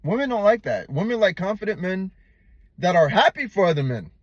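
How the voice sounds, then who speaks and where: A man's voice: sits high, very animated, a little fast, no room sound, dull audio. A man giving blunt, profane, slangy relationship advice to the camera, calling the viewer "man" and "bro". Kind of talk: unscripted advice monologue.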